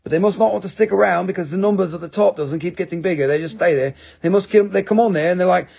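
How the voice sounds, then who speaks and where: A man's voice: sits high, fast talker, vocal fry, a little mellow, slightly rough. A man with an Appalachian accent hosting a live-stream sale, rambling, joking at his own expense and swearing freely. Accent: Appalachian American. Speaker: live-stream crystal seller. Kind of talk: casual live-selling chat.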